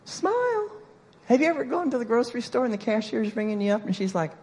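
A woman's voice: on the high side, animated, very fast, mellow. A woman speaking in church, telling a story in a sermon and acting out the quotes playfully.

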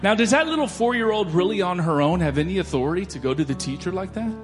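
Male pastor preaching, fairly high voice, animated delivery, soft music underneath. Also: quick pace. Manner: animated preaching, swinging from loud declarations to soft storytelling. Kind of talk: sermon.

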